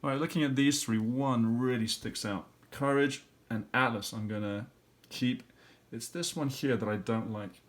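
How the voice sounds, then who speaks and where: A man's voice: mid-range voice, fairly even intonation, normal speed. A middle-aged man, an elementary school teacher, walking students through a recorded review lesson and thinking aloud step by step.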